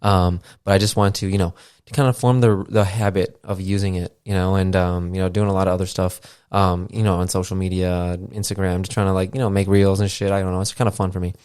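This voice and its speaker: A podcast host in his thirties delivers a casual rambling monologue packed with fillers and easy swearing. His deep, level voice is quick, darkish and smooth. The recording is dry and clean, studio-grade, from a podcast mixer setup.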